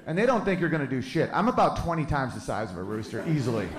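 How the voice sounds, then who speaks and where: A man's voice: mid-range voice, big pitch swings, quick pace, over music. A man in his thirties doing stand-up comedy, crude and brash as he tells a story. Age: 30s. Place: live comedy venue. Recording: echoey live room, crowd laughter.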